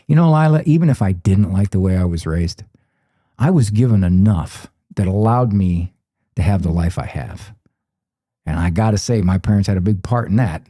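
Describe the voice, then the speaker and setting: A man's voice: low-pitched, normal speed, no room sound, studio quality. An older man, a psychologist guest in an interview, telling stories animatedly and acting out the voices of the people he quotes. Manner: animated storyteller who acts out quoted voices. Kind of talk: conversational interview.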